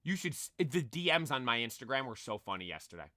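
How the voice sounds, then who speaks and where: A young man streamer chatting casually, excitable and rambling, restarting his sentences again and again. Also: mid-range voice, quick pace, no echo, studio quality. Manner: excitable, rambling, full of "like" and "dude", many restarts.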